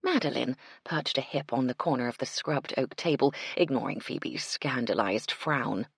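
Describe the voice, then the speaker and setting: A woman narrating a mystery audiobook in an expressive storytelling manner, on a close mic. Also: very deep voice, normal speed, vocal fry, few pauses, breathy edge, no room sound. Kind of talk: scripted narration.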